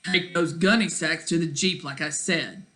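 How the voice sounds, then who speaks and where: Woman doing a stern country dad, few words, lowish voice. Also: normal speed, a bit bright. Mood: firm. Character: stern, steady rural father, man of few words.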